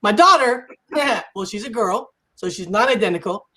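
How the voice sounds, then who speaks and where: Onstage at a live stand-up show, a woman in her forties delivers her set at a moderate pace with a medium pitch. She's animated and plays out dialogue in playful voices.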